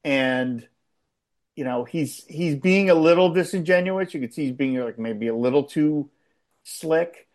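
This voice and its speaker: A man in casual conversation, rambling and animated as he recaps a television episode, with frequent restarts. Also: fairly high pitch, unhurried. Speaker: podcast co-host. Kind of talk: casual chat.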